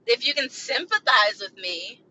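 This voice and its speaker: Bright-voiced woman venting, agitated. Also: sits high, expressive, unhurried, lo-fi sound, slight background noise. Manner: agitated, profane, rambling venting. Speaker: podcast host. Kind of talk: solo venting podcast.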